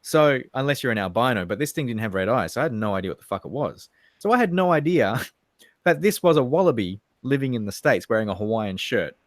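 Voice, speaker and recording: A man in his thirties with an Australian accent, co-hosting a casual livestream chat and telling animated, profane, rambling stories. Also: mid-range voice, fairly quick, no echo, studio quality. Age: 30s. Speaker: livestream co-host.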